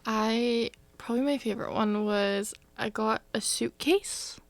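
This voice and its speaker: A woman co-hosting a podcast, talking in a slow, hesitant, earnest way. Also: fairly high pitch, creaky, dry recording. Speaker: podcast co-host. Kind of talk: casual chat.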